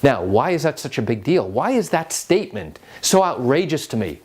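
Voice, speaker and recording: A man's voice: mid-range voice, very animated, moderate pace, darkish tone. Male attorney, mid-range voice, emphatic explainer who leans on rhetorical questions. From New York. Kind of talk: direct-to-camera explainer.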